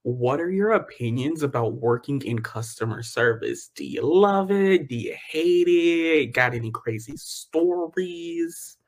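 A man's voice: on the high side, a little slow, hardly any pauses. A young man co-hosting a casual podcast, talking bluntly and mimicking rude customers. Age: young adult. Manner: expressive, blunt, mocking impressions. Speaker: co-host.

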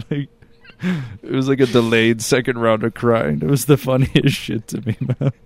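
A man's voice: mid-range voice, steady tone, moderate pace. A man co-hosting a podcast in casual chat, telling stories loosely with lots of filler words and laughter. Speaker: podcast co-host.

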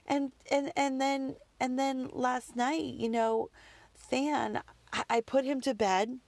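A woman's voice: sits high, level tone, slow pace, darkish tone, dry recording. A woman, a mother, chatting casually and candidly, rambling with lots of "like" and "you know.". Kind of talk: casual personal chat.

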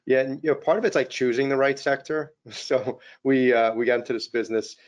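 A man's voice: medium pitch, steady tone, fairly quick. A middle-aged man who runs a company, speaking as a podcast guest and telling stories in a modest, casual way, full of fillers and "you know.". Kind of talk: casual interview storytelling. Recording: slightly dull lo-fi audio.

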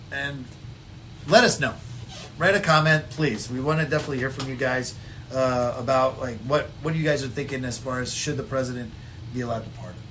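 A man co-hosting a casual political chat podcast, telling stories in a rambling way and doing quick voices for the people in them. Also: medium pitch, a little hiss or hum. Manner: rambling, animated storytelling with voiced impressions. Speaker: podcast co-host.

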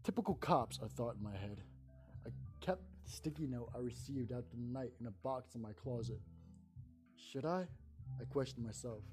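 A man reading a first-person horror story aloud in a calm narrating voice. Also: mid-range voice.

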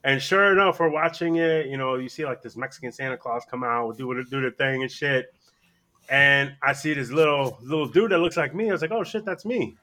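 A man in casual podcast chat, telling animated stories and acting out quotes with lots of swearing. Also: medium pitch, fairly quick. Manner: animated storyteller, acts out quotes loudly, swears a lot. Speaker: podcast co-host.

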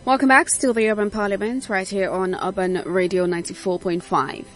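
A woman hosting a radio talk show in the studio, brisk as she steers the conversation. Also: medium pitch, steady tone, over music. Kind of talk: radio presenting.

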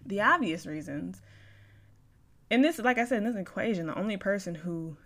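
A woman's voice: medium pitch, animated, moderate pace. A young woman hosting a podcast, candidly telling a personal story, swearing freely and acting out both sides of the conversations. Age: young adult. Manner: swings from quiet mumbles to loud bursts. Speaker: podcast host.

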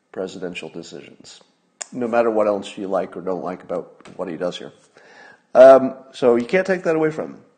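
A man's voice: on the low side, a little mellow. A man hosting a solo podcast, talking casually in a wry manner, with asides and restarts. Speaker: podcast host.

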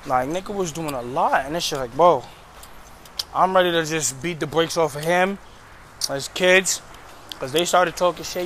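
A man's voice: on the high side, normal speed, pauses often, a bit bright, a little hiss or hum. A man ranting profanely about his job to viewers while walking a city street at night. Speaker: vlogger. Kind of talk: casual storytelling vlog. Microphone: handheld phone.

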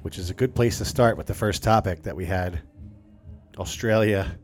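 A man's voice: on the low side, normal speed, faint music behind. A man co-hosting a live radio podcast in casual chat, loose and profane, acting out other people's lines. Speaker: podcast co-host.

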